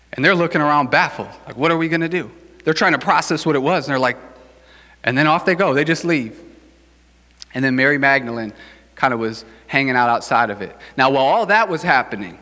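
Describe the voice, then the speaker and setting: Guy preaching, easygoing and jokey, bright highish voice, big reverby hall. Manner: casual, joking, conversational preaching. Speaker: pastor. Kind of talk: sermon.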